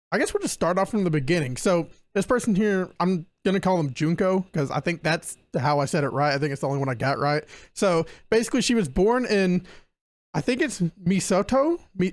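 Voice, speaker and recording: A man's voice: high-pitched, lively intonation, a little fast, no echo. A young man hosting a casual podcast. He laughs often and stumbles over names while reading from his notes. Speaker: podcast host presenting a case.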